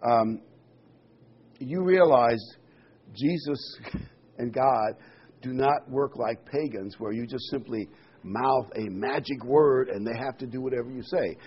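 A man preaching a sermon, reading Bible verses aloud and explaining them with lively asides and a joke. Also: medium pitch, slow pace, breathy edge. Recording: dull lo-fi sound.

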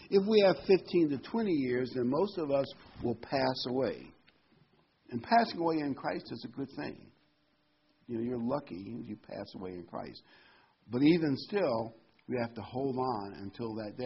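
A man preaching a sermon, reading scripture aloud and shifting between loud emphatic points and quiet asides. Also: medium pitch, slight background noise. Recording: dull lo-fi recording.

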